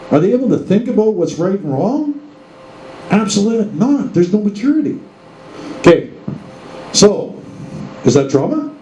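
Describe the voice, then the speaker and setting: Man, show host, casual monologue full of rhetorical questions, dark tone, echoey room with faint ambience. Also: high voice, slight background noise. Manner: rhetorical questions, addresses folks directly.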